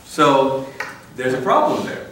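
A man's voice: medium pitch, big pitch swings, takes it slowly, fairly bright tone, a little hiss or hum. Conversational man in a roomy hall. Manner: conversational, self-interrupting, wry asides. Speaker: conference speaker. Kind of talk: church conference talk. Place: large room. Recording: echoey room, mic at a distance.

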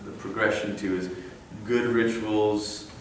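A man with a lowish, level voice speaks slowly, with a faint hiss or hum in the background. He's a conference speaker giving a church conference talk to a large room, conversational and wry, often breaking off for asides. The room echoes and the mic sits at a distance.

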